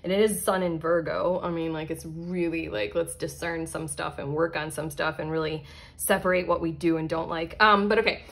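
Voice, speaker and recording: A woman giving a casual tarot card reading, excitable and chatty, laughing often and filling her talk with "like" and "you know". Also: low voice, moderate pace, creaky. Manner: excitable, giggly, chatty with many fillers. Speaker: tarot reader.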